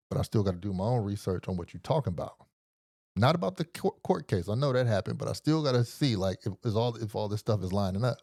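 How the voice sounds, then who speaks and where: A middle-aged man hosting a podcast, telling a story in a casual, slangy and profane way, animated as he retells it. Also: lowish voice, fast talker, no room sound, studio quality. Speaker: podcast host.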